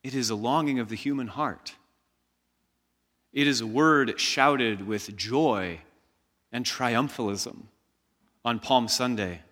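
A pastor preaches a sermon slowly and emphatically in a mid-range voice, leading his congregation in call-and-response shouts. A long reverb tail trails his words.

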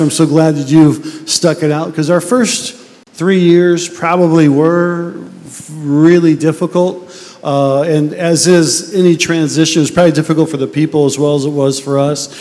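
A man's voice: a little high, warm tone, in a large hall. A man preaching as pastor, earnest and conversational, often restarting his sentences. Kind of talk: sermon.

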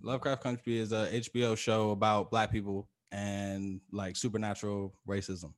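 A man co-hosting a podcast, talking loosely and with plenty of swearing. He has a fairly low voice, repeats his points for emphasis and laughs easily. The talk is unscripted chat between friends. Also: level tone, moderate pace. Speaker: podcast co-host. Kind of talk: casual chat.

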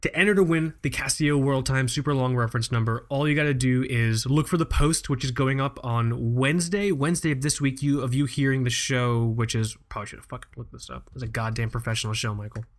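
A man's voice: medium pitch, brisk, few pauses. A man co-hosting a podcast. He chats loosely, jokes, and swears freely while running through show business. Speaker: podcast co-host. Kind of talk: casual chat.

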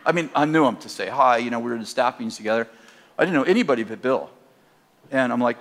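An older man preaches through a personal story, talking casually and with animation, often laughing at his own tale. His voice sits at an ordinary middle pitch. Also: expressive, brisk, a bit bright. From Northern California, USA.

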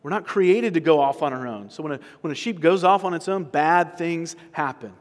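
A man's voice: a little high, brisk. Male pastor preaching in a reverberant hall. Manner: conversational preaching with frequent restarts and rhetorical questions. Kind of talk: sermon. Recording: sermon recorded in a large reverberant hall.

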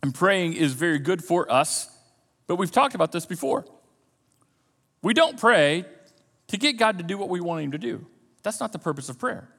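A male pastor delivers a sermon in a high, gravelly voice. He talks to his congregation conversationally, repeating himself and tossing in asides. The sound rings with the long reverb of a large hall. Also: fairly bright tone. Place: church sanctuary.

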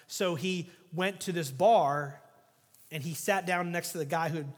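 Guest pastor, male, higher-pitched, animated sermon delivery in a reverberant sanctuary. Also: unhurried. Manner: animated storytelling with jokes, swinging from loud to hushed.

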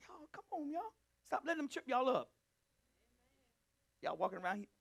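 A man teaching a Bible study, preaching emphatically and calling out to his listeners, swinging between loud and hushed delivery. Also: very high voice, sing-song, moderate pace, vocal fry, husky. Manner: emphatic, calls out to the group. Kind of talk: preaching to a live group.

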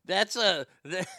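A man's voice: sits high, sharp tone, no room sound, clean studio sound. A man hosting a talk show, brash and profane, riffing on clips and reading chat, often stammering into restarts. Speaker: show host. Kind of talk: casual commentary reading chat.

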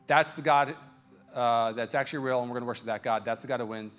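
A man's voice: mid-range voice, steady tone, moderate pace, soft background music. A man preaching a sermon as pastor, telling a story and then praying with rising fervor. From United States. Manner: storytelling, building to loud fervent prayer. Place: church sanctuary.

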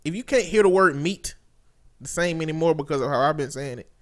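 A man's voice: a little high, fairly quick, a bit bright. A man co-hosting a podcast in casual banter, joking and emphatic, laughing often. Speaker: podcast co-host.

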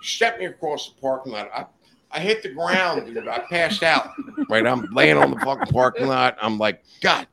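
A man's voice: mid-range voice, lively intonation, moderate pace, vocal fry, bright, forceful tone, a little hiss or hum. An older man, a podcast guest in a studio, telling rambling, profane stories in a casual chat. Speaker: guest storyteller.

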